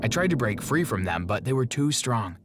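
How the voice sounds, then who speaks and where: A man giving scripted first-person narration of an animated story in a plain, steady telling. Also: mid-range voice, brisk, noisy background. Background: background music.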